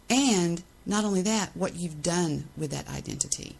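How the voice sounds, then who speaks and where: Gravelly, indignant woman podcast host. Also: on the low side, moderate pace, hardly any pauses, a little mellow, poor audio. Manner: indignant, defensive, repeats phrases for emphasis. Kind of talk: ranting monologue.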